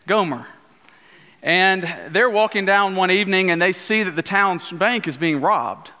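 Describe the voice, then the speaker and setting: A male pastor giving an earnest sermon in a church, at times slowing into a hushed prayer. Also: high voice. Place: church sanctuary. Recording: church hall reverb.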